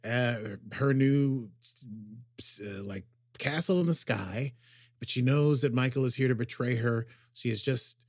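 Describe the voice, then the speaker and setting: A man co-hosting a podcast, casually recapping an episode with lots of fillers and quick acted quotes. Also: medium pitch, a little mellow, dry recording, studio quality. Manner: rambling, filler-heavy summarizing with acted quotes. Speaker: podcast co-host.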